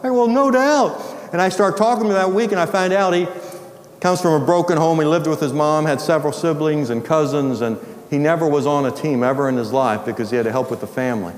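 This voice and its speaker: A man's voice: fairly high pitch, fast talker. Man telling a story in a hall. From US Midwest. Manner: animated, acts out dialogue. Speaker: teacher. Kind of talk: storytelling testimony. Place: large hall. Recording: echoey hall reverb.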